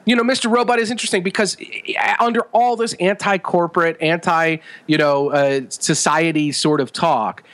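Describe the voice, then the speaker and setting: Chatty man, slightly high voice. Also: normal speed, hardly any pauses. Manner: enthusiastic, animated retelling with frequent fillers. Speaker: podcast co-host. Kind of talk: casual chat.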